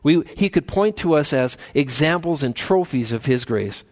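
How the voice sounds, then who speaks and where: A man's voice: fairly high pitch, lively intonation. Earnest man preaching a sermon. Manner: earnest, rises to emphatic peaks and slows for key phrases. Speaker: pastor. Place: church.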